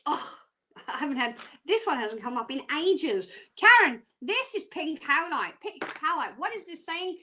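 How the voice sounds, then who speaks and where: A woman's voice: high voice, sing-song, measured pace, noisy background. An Australian woman presenting live psychic readings on television, chatty and self-mocking with frequent giggles. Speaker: psychic phone-line presenter.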